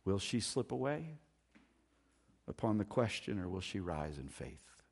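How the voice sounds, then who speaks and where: A male pastor delivering a sermon, shifting from loud, emphatic lines to hushed, quiet asides. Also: very animated, measured pace, vocal fry, breathy edge. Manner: dynamic preaching, swinging between loud emphasis and hushed, low asides.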